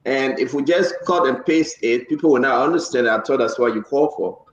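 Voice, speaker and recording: A man hosting a talk show panel, brisk and interrupting to steer the talk. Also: medium pitch. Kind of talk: moderating a panel. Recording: echoey, dull sound.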